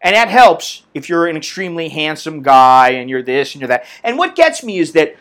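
A man's voice: fairly high pitch, big pitch swings, normal speed, a bit bright. A man in his mid-fifties hosting his own podcast, venting bluntly with lots of swearing and rambling restarts. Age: 50s. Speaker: podcast host. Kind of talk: solo podcast rant.

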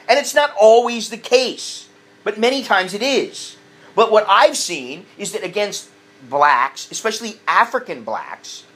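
A man's voice: sits high, fairly bright tone. A man telling stories in a casual, blunt rant, swearing freely and restarting his sentences often. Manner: blunt and profane, with frequent restarts. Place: living abroad in Southeast Asia.

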